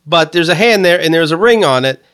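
A podcast co-host rants in casual chat, swearing freely and laughing between points. His voice sits high for a man and leaps around. He sounds lively and loose. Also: fairly quick, clean tone. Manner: profane, ranting, laughs often.

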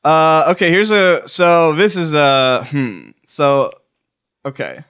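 A young male podcast host in loose, rambling comedy chat, poking fun at himself as he goes. His voice sits a little high for a man. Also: takes it slowly, a bit bright, clean tone. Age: young adult. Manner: rambling, self-deprecating.

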